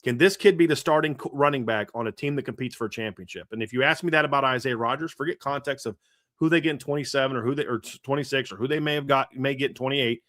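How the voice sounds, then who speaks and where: A man's voice: mid-range voice, fast talker, fairly bright tone, dry recording, studio quality. A man in his thirties hosting a casual sports podcast, telling stories animatedly with lots of restarts and fillers. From grew up a Reds fan in the American Midwest. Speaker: podcast host.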